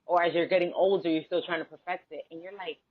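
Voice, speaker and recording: Over phone-quality audio, a woman with a lowish voice and a Bronx Dominican accent talks fast as a guest in a casual interview; Spanish is her first language. She's an animated storyteller who acts out the voices and quoted exchanges in her stories.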